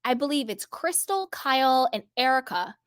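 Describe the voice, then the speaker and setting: A woman's voice: sits high, expressive, normal speed, no room sound, studio quality. A woman hosting her own channel, giving emphatic, opinionated reality TV commentary and repeating her points for effect. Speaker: channel host.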